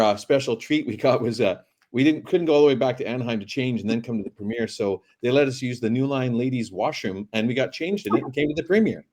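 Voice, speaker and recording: A man's voice: mid-range voice, a little mellow. A man who is an actor, a guest telling rambling anecdotes in a casual interview.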